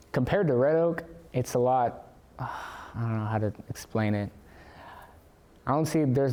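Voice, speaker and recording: Relaxed teenage boy with a mellow voice. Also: mid-range voice. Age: teens. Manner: relaxed, hesitant, many fillers and restarts. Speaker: student interviewee. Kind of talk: casual interview answers. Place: school.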